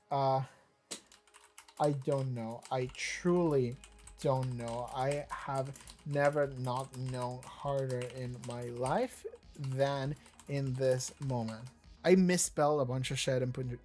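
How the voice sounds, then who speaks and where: Reaction host rambling and cursing, mid pitch, reads wiki stuff out loud. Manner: rambling, excitable, swears often; reads wiki text aloud. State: voice briefly cracking. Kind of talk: casual reaction commentary.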